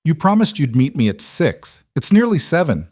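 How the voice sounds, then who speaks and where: A man's voice: fairly high pitch, sing-song, moderate pace, dry recording, voice pushed up. A fierce young woman bluffing hard, as a male narrator puts her on. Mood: sharp, commanding. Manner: sharp, commanding bluff. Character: bold young woman, poor bookshop clerk, fierce and quick.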